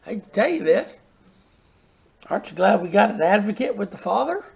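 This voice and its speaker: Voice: medium pitch, sing-song, a little fast, creaky, a little mellow. A preacher giving a folksy sermon and reading scripture, often repeating words for emphasis.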